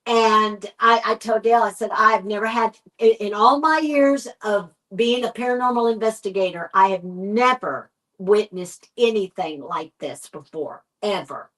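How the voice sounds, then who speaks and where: A woman with a Texan accent, a paranormal investigator, telling a story in a podcast interview and acting out the quoted dialogue in an animated way. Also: mid-range voice, normal speed, few pauses, rough recording. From United States.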